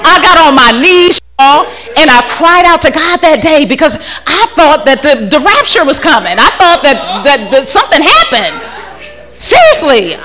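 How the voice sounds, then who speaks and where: A woman with a bright, fairly high voice shares a candid testimony at a church gathering, speaking into a handheld microphone. Her delivery swings widely in pitch. She is frank and chatty, often laughing, and she repeats words as she restarts her sentences. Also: big pitch swings, moderate pace. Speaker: speaker giving a personal testimony.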